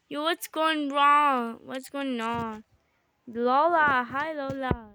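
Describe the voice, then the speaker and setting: A high-voiced woman chats through a game with her sibling, exclaiming and bickering. She talks at an unhurried, drawn-out pace even when she gets excited. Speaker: gamer. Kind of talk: casual gaming chat with a sibling.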